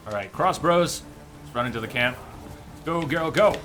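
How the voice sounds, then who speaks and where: Gameplay streamer, male, lively bright voice, thinks aloud, faint game music behind. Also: medium pitch, normal speed. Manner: animated, thinking aloud, sudden loud outbursts. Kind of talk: casual gameplay commentary.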